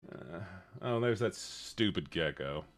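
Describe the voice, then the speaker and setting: A man's voice: sits low, animated, slow, faint music behind. A man streaming live, chatting casually and jokingly with his viewers and swearing often. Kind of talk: casual livestream chat.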